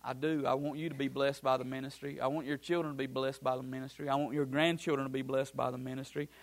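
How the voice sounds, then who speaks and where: A man's voice: medium pitch, flat delivery, quick pace. A man preaching a sermon as pastor, building his points through repeated phrases and breaking into casual asides.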